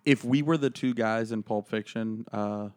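Young man, mid-pitched, tells crude stories on a comedy podcast. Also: normal speed, clear, resonant tone. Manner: animated anecdote telling, crude humor. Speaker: podcast co-host. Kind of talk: casual comedic chat.

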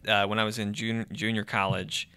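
A man's voice: lowish voice, little pitch movement, fairly quick, bright, forceful tone, clean tone, no echo. A man, a podcast co-host chatting casually and telling easygoing stories. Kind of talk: casual chat.

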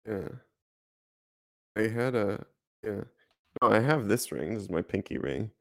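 A young man with a low, gravelly voice that drops into vocal fry. He co-hosts a podcast in a relaxed, rambling style, laughing easily as he talks. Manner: laid-back, rambling, quick to laugh. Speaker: podcast co-host. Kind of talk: casual chat.

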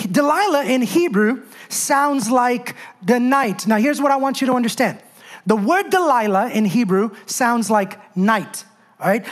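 Woman preacher, sermon, emphatic, conversational, rhetorical questions, higher voice.

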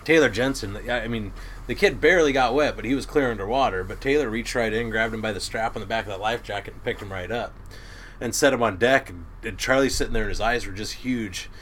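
A middle-aged man with a bright, forceful voice spins lively fishing stories, voicing the people in them and laughing along. A faint hum of background sound sits under his voice. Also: on the low side, quick pace. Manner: animated storyteller who acts out quotes and laughs. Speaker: crab boat captain and guest. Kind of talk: casual storytelling chat.

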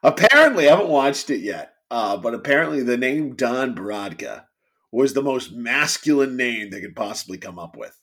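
Animated man chatting casually. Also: medium pitch, moderate pace. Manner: animated, quotes lines in put-on voices. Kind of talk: casual chat about TV shows.

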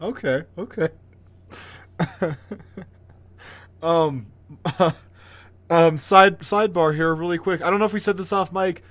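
A man co-hosting a podcast in casual chat, ranting with animated, profane energy. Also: on the high side, slow pace, pauses often. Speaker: podcast co-host.

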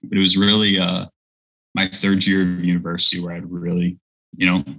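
Speaking as an interview guest, a man in his thirties tells a heartfelt personal faith story, voicing the people he quotes. His deep voice is flat, a little fast, and bright with a forceful tone, on a rough recording.

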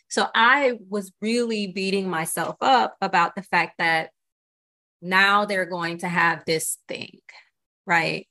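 A woman's voice: medium pitch, takes it slowly, bright, forceful tone. A woman guest on a podcast, speaking earnestly and reflectively in candid conversation, often checking in with "you know" and "right?".

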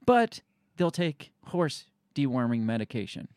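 A man's voice: medium pitch, sing-song, a little slow, a little mellow, clean tone, dry recording, clean studio sound. A man co-hosting a podcast, ranting and swearing in exasperated casual chat. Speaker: podcast co-host.

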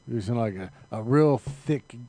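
A man's voice: medium pitch, lively intonation, a little slow, mellow, dry recording. A man co-hosting a podcast, joking sarcastically in casual banter. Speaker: podcast co-host.

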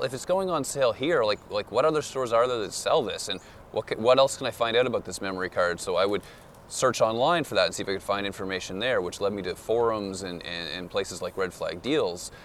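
A man from Eastern Canada, a guest explaining in a relaxed way during a walking interview on a city street. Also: lowish voice, fast. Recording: faint traffic noise outdoors.

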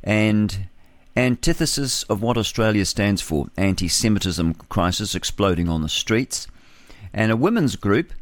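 A man's voice: on the low side, animated, a little slow, dry recording. A New man hosting a talk radio show, reading news headlines and adding scornful remarks between them. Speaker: radio host.

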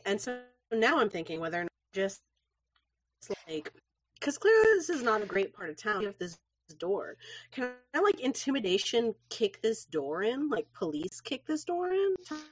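A woman's voice: medium pitch, sing-song, moderate pace, pauses often, soft background music. A woman playing a tabletop game, thinking aloud hesitantly about her moves. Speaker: player. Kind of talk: casual game chat.

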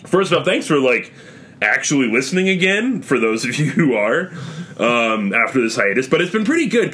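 Jokey podcast host man, lively pitch. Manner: loose and jokey, many fillers. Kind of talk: casual chat.

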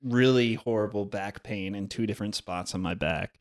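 A man's voice: fairly low pitch, normal speed, a little hiss or hum. A man co-hosting a podcast, telling a rambling story in casual chat. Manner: laid-back, rambling storyteller. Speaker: podcast co-host.

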